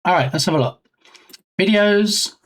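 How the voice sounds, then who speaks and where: A talkative streamer on a desk mic, casually chatting with viewers. The voice rises and drops a lot, and the tone stays playful and jokey throughout. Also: normal speed. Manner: chatty and joking, reading viewer names aloud; lively swings in pitch. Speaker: livestream host. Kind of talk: casual live-stream chat.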